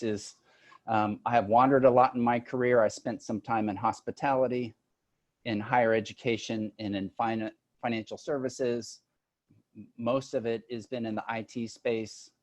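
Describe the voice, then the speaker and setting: A man's voice: medium pitch, darkish tone. A man, an agile and leadership coach, presenting a webinar over a video call in a conversational way with joking asides. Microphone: computer mic on a video call.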